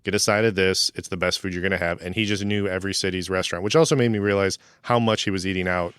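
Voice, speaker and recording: A man co-hosting a podcast, telling relaxed anecdotes in casual chat. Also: low-pitched, quick pace, clean tone, no room sound, studio quality. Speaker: podcast co-host.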